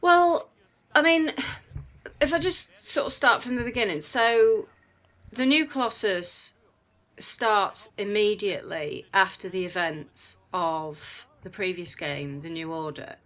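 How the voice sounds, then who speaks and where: A woman with a bright, forceful voice chats casually about a game she reviewed. Her voice is nasal and stuffed up from a cold. She talks easily, with plenty of ums and sort-ofs. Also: medium pitch, slow. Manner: chatty, many fillers. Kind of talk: casual video chat.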